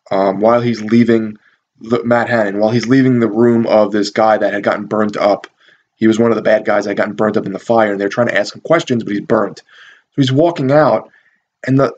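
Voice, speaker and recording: A man's voice: mid-range voice, a little mellow, dull audio. Rambling, profane man reviewing a movie. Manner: rambling, profane, amused, many fillers. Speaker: video reviewer. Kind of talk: casual movie review talk.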